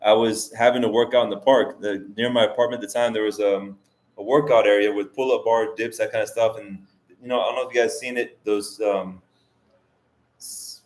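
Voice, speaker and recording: A man talks loosely on a live stream, answering chat in an easygoing, rambling way. His voice sits a little low, and he often stops and restarts sentences with fillers. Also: fairly even intonation, fairly quick, darkish tone. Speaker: vlogger host reading live chat. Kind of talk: casual livestream chat.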